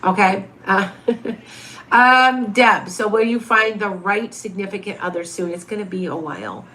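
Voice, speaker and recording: A woman's voice: medium pitch, lively intonation, measured pace, bright, forceful tone. Rambling chatty woman in her fifties. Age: 50s. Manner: rambling, chatty, with frequent restarts and asides. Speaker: tarot reader and medium hosting a livestream. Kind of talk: casual livestream chat answering viewer questions.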